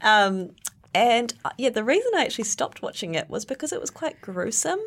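A woman's voice: fairly high pitch, very animated, fairly quick, vocal fry. A woman, co-hosting a podcast in bubbly casual chat, laughing often. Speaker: podcast co-host.

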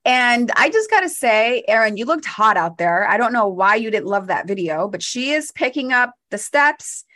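A woman co-hosting a podcast, telling a lively story in casual chat and laughing often. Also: on the high side, moderate pace, few pauses. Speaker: podcast co-host.

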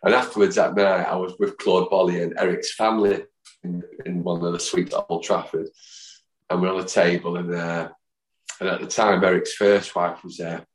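A football fan from Manchester, England, in his fifties, tells rambling anecdotes as a podcast guest in a low, deep voice at normal speed and a level tone. He acts out the voices of people in his stories, and a noticeable room echo colors the recording.

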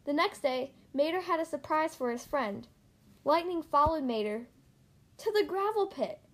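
A woman reading a children's story aloud, gentle and expressive. Her voice sits notably high and bright in pitch for a woman. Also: normal speed. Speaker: storybook reader.

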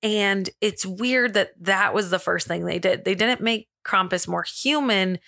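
A woman's voice: medium pitch, unhurried, vocal fry, bright, forceful tone, dry recording, clean studio sound. A woman co-hosting a casual podcast, reading notes aloud, giggling and making fun of her own stumbles. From America. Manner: giggly, self-deprecating, stumbles over reading. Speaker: podcast co-host.

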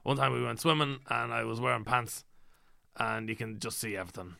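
Gravelly deadpan Irish man. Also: mid-range voice, a little fast, no echo, studio quality. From Ireland. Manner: deadpan, playing an affected showbiz persona. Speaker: comedy podcast guest. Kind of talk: improvised comedy chat.

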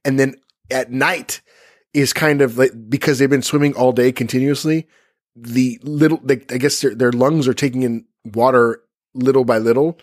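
A man's voice: medium pitch, fairly even intonation, normal speed, a little mellow, no room sound. A man co-hosting a laid-back true-crime podcast, recorded dry with no room sound. He rambles and trips over his words, often correcting himself mid-sentence. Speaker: podcast co-host.

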